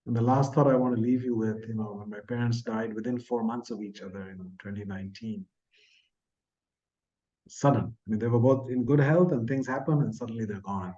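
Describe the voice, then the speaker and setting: Older guest from India, mellow earnest storyteller, muffled lo-fi audio. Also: male voice, medium pitch, a little fast. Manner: earnest, soft-spoken, trailing off at phrase ends. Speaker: podcast guest, author. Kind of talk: reflective storytelling in an interview.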